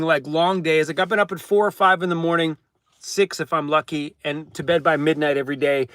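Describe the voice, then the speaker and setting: A man with a slightly higher voice hosts a relaxed night-time livestream from inside his van, reading out viewer names and comments. He sounds tired and easygoing, chuckling often and chewing as he talks. The sound is close and dry, with no room echo. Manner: laid-back, chatty, laughs often, talks while chewing. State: tired, worn out. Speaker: van life vlogger hosting a live chat.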